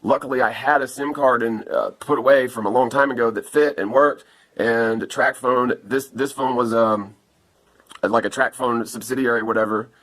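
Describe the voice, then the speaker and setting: Brief: man in a phone-recorded vlog, mid-pitched, rambling and cursing, calling everyone "man" and "dude", shaken and pleading. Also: fairly even intonation, normal speed, fairly bright tone. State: upset after an attack. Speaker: vlogger asking viewers for help. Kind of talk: casual to-camera vlog. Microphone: phone camera.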